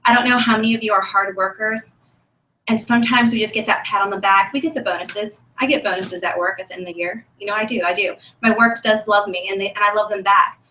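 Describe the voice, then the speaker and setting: A woman giving an enthusiastic, emotional testimony speech at a sales meeting, chatty and animated. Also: mid-range voice, quick pace. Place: meeting room, on a stage. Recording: echoey room from a distant mic.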